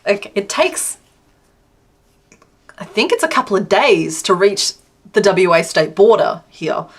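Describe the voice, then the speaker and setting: A woman's voice: mid-range voice, big pitch swings, unhurried, husky. An Australian woman chatting casually on a live stream while she crochets, answering her chat and laughing often.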